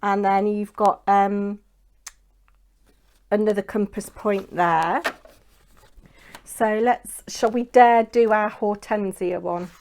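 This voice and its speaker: A woman's voice: medium pitch, steady tone, slow pace, pauses often, darkish tone. A woman hosting a papercraft channel, talking through her work in a rambling, chatty way and adding lots of tag questions. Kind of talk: chatty crafting vlog.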